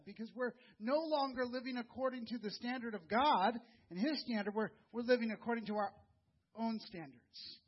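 A man preaching a sermon in a conversational, earnest way, repeating words and dropping soft and low for emphasis. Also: breathy edge, lo-fi sound. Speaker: pastor.

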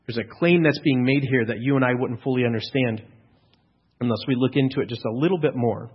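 Husky-voiced man preaching a sermon. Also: mid-range voice, brisk, lo-fi sound. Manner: earnest, teaching, with frequent restarts and fillers. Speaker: pastor.

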